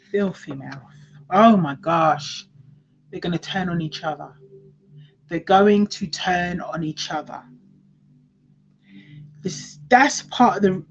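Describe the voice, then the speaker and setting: A woman's voice: mid-range voice, darkish tone, lo-fi sound, slight background noise. A woman giving a casual tarot reading, emphatic and repeating her phrases, now and then swearing. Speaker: tarot reader.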